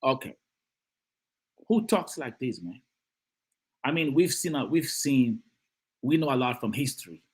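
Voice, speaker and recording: Husky, animated male live-stream host. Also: medium pitch, unhurried, long pauses. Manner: animated, emphatic, repeats phrases, greets and reads out chat. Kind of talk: live-stream political commentary.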